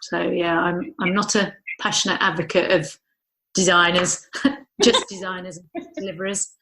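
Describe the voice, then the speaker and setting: A woman's voice: fairly low pitch, moderate pace, pushed and bright, slight background noise, rough recording. A middle-aged woman architect talking in an interview, thinking aloud with restarts and lots of "you know". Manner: thoughtful, rambling with restarts and frequent "you know". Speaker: architect guest. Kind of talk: conversational interview.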